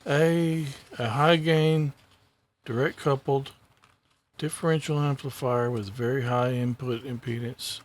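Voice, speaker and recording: Male co-host, mid pitch, relaxed joker thinking aloud through quiz questions. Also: a little slow. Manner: joking, easygoing. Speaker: co-host taking the exam questions. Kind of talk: casual chat, reading quiz answers aloud.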